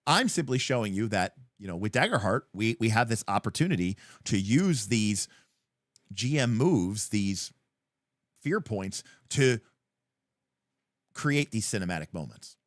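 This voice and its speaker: Animated man on a tabletop game stream. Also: on the low side, no room sound, clean studio sound. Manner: animated, acts out scenes in quick voices; rambling with many fillers. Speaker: livestream co-host. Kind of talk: casual chat about tabletop games.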